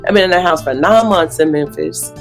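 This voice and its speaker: A woman's voice: fairly low pitch, animated, brisk, soft background music. A woman in her forties, a basketball coach, giving earnest, reflective interview answers with easy laughs.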